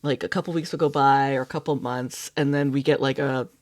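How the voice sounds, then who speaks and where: A woman vlogging in a casual, chatty way, expressive and quick to laugh, sounding upset and close to tears. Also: a bass voice. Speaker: beadwork vlogger. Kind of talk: casual vlog chat.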